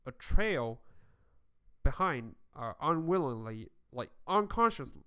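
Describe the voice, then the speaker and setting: A man running a tabletop game as game master, talking in a halting way with many fillers and restarts. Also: medium pitch, sing-song, sharp tone, smooth.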